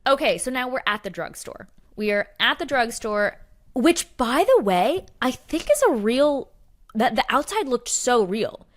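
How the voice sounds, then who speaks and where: A woman's voice: fairly high pitch, animated, a little slow. A young adult woman co-hosting a podcast, telling stories in a casual chat with lots of fillers and restarts. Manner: chatty storyteller, many fillers and restarts. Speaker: podcast co-host.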